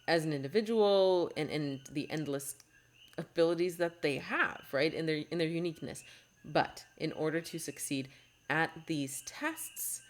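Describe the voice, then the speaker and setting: A woman hosting a podcast as a test-prep coach, talking in a heartfelt, encouraging way and often restarting her sentences. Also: low voice. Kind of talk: earnest podcast monologue.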